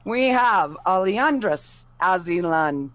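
A woman co-host reads a warm message and then a long list of supporter names. She apologizes when she stumbles on one, and her voice sounds dry and close. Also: on the low side, expressive, slow, dry recording.

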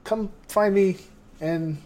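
A man's voice: high voice, slow pace, a little mellow. A man co-hosting a podcast, rambling through a casual sign-off with frequent laughs and self-deprecating asides. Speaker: podcast co-host.

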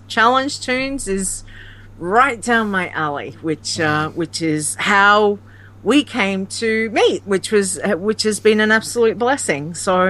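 A woman's voice: medium pitch, a bit bright. A woman guest on a gaming podcast, telling stories in a giggly, rambling way over a remote call. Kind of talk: casual chat about gaming.

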